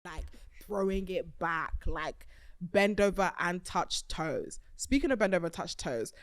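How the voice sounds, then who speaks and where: Lower-pitched woman, chatty podcast host. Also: a little slow, dry recording. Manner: chatty, animated, laughs often, swears freely. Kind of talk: casual chat.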